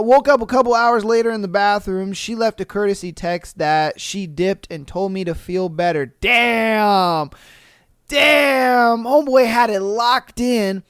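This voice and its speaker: A podcast host who reads listener stories aloud and reacts with loud laughter and plenty of swearing. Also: medium pitch, smooth, no echo, studio quality. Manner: profane, laughing, animated reactions.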